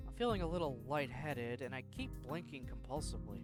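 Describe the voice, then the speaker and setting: A man reading a visual novel aloud in first person, slow and introspective, now and then tripping over words. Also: mid-range voice, expressive, over music. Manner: slow, introspective, sometimes tongue-tied.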